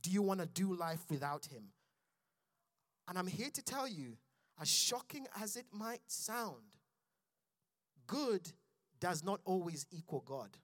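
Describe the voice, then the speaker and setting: A man's voice: high voice, sing-song, takes it slowly, long pauses, a bit bright, no room sound, clean studio sound. A man preaching a sermon in church, building intensity and calling out to his congregation. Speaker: pastor.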